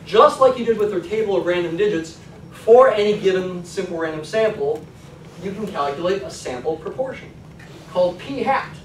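Male stats lecturer, chatty classroom delivery, somewhat high voice, roomy distant sound. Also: lively intonation, normal speed, a little hiss or hum. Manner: conversational, frequent "okay?" check-ins. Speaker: college statistics lecturer.

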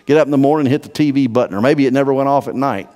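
Emphatic pastor preaching in a reverberant hall. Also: male voice, medium pitch, rapid-fire. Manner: emphatic, swinging from hushed to loud. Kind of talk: sermon. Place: church sanctuary. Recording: long church-hall reverb.

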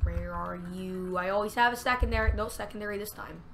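A woman giving chatty let's-play commentary, narrating every move to herself and getting excitable. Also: medium pitch, a little fast, creaky, slight background noise. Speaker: gamer.

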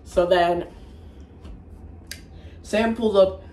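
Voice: medium pitch, fairly even intonation, extremely slow, warm tone, recorded from a distance. A rambling, foul-mouthed reviewer recaps a film off the cuff, doubling back on words as the thoughts come. The voice sits in a middling register. It bounces around an echoey room over faint ambient noise. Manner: rambling, crude and profane, with restarts. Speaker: movie reviewer. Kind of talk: casual movie recap. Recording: roomy echo, faint background ambience.

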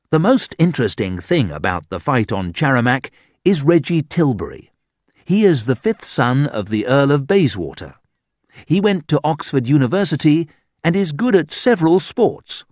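A male audiobook narrator reads a graded reader from a script, speaking slowly in a lively, medium-pitched voice. The sound is clean studio quality with no room sound.

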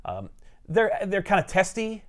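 A man's voice: high-pitched, a little slow. Casual male comic podcast host. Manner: animated storyteller who acts out characters' lines. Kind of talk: casual chat.

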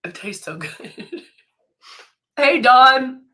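Woman, head cold, nose stuffed up; clear bright tone, chatty live-stream makeup host. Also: high voice, lively intonation, drawn-out words. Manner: chatty, greets viewers by name, laughs often. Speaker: brand educator hosting a live makeup demo.

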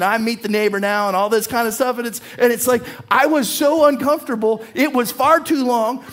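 A man preaching a sermon as a pastor, telling a personal story in an animated way, his voice climbing as the tale builds. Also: high-pitched. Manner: animated storyteller, voice rising with excitement. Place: church.

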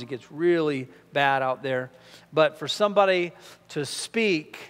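A man's voice: fairly high pitch, fairly bright tone, big-room sound. A man giving a conversational verse-by-verse Bible teaching, full of rhetorical questions and fillers.

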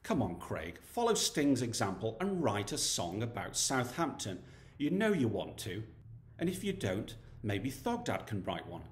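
A man runs through a scripted comic monologue in a dry, deadpan way, dropping cheeky laddish asides. His voice sits somewhat low. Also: a little slow. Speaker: comedy YouTuber.

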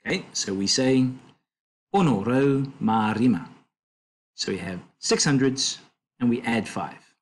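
A man tutoring a language lesson, explaining slowly and patiently with fillers and self-corrections. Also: mid-range voice, lively intonation, husky.

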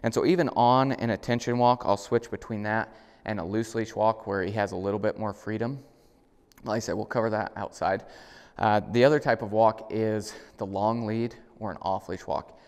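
A middle-aged man, a dog trainer, explaining step by step how to train a dog, now and then praising the dog in a higher voice. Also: steady tone, moderate pace, clear, resonant tone. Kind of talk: instructional demonstration. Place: indoors at a home, moving outside. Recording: reverberant room sound.

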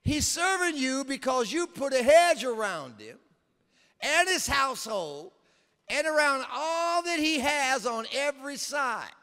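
A preacher putting on a sly taunting devil. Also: male voice, extremely high pitch, expressive, unhurried, sharp tone, big-room sound, pitched above the performer's own voice, exaggerated voice. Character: sly male devil, smug tempter.

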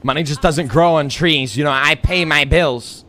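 A man's voice: a little high, moderate pace, sharp tone. Teasing man playing a swaggering mob type. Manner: mob-boss swagger, teasing, repeats himself. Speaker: role-play player as Tony. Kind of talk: casual in-character game chat.

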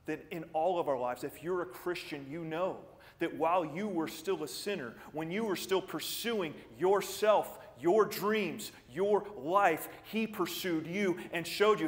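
Earnest preacher with a higher voice in a reverberant church. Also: male voice. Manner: earnest, animated preaching with quick pitch jumps and quiet drops; repeats words when starting a thought. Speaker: pastor. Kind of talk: sermon. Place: church sanctuary. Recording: church sanctuary with long reverb.

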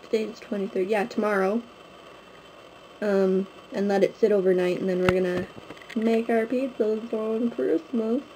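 Young woman, casual home vlog, mellow rambling chat, faint room hum. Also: medium pitch, rough recording. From Canada. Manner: rambling, chatty, many fillers. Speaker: vlogger. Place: at home, indoors. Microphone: handheld camera, close.

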